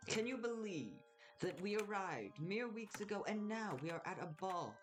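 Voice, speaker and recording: A man's voice: high-pitched, animated, normal speed, over music, voice pushed up. A man doing a chatty confused old drunk nobleman. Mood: gushing. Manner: long-winded and flustered.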